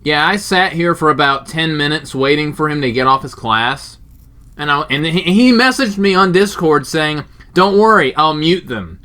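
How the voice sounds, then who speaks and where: A man's voice: fairly high pitch, lively intonation, moderate pace, sharp tone. A young man hosting a casual podcast, full of crude jokes and banter. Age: young adult. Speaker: podcast host.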